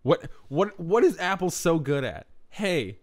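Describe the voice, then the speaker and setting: A man co-hosting a casual tech podcast, talking in an animated, exasperated rant. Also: a little high, normal speed. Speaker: podcast co-host.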